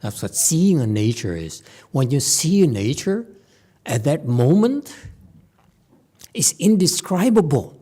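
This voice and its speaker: A Buddhist master gives a relaxed lecture in a temple hall, slow and deliberate but with a voice that swings widely up and down. He sits a little high for a man, often breaks off to prod his listeners with "hmm?" or "okay?", and stumbles through restarts before landing his point. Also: breathy edge. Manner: halting restarts, playful asides. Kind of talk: conversational Dharma lecture.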